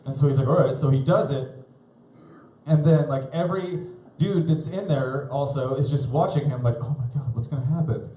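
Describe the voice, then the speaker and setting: A young man doing a live stand-up set, rambling and laughing at his own stories, jumping into high shouty voices for the people he quotes. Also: normal speed. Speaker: stand-up comedian. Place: live comedy club stage. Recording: roomy club sound.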